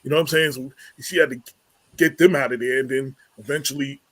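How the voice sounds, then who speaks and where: Male radio host, husky tone, dry sound, stumbles and repeats words, casual talk. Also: medium pitch, steady tone, a bit bright, dry recording. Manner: halting, lots of repeated words and fillers.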